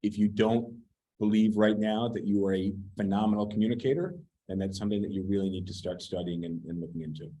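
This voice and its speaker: A man's voice: fairly low pitch, fairly even intonation, fast, dark tone, rough recording. A man giving a casual real estate training talk, blunt and sometimes swearing as he picks apart advice. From United States.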